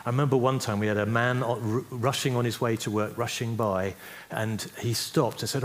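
A man's voice: mid-range voice, steady tone, brisk. A man teaching a church group how to pray for healing, speaking conversationally and often checking in with "yeah?". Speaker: preacher teaching on healing prayer.

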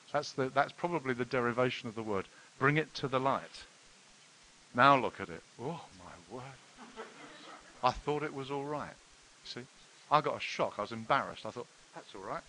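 Animated male preacher. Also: fairly low pitch, normal speed, poor audio. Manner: animated storytelling with sudden loud exclamations and hushed passages. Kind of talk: sermon. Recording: faint hiss.

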